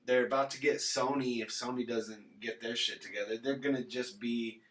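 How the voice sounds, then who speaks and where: A man's voice: medium pitch, fairly even intonation, normal speed. A man co-hosting a casual chat, laughing often and swearing casually. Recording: echoey room, distant mic.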